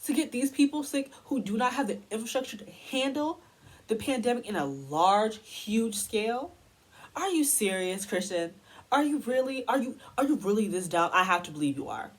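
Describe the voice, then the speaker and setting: A woman's voice: mid-range voice, sharp tone, slightly rough, poor audio. A young woman from the United States delivering a heated, exasperated commentary rant as a vlogger.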